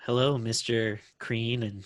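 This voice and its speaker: A man doing a syrupy grown man who swears he has been a good boy all year, calm and soothing in his earnest sweetness. He talks slowly over a dry, close sound. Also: medium pitch, dry recording, close to an everyday voice. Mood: sugary earnest. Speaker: comedian guest.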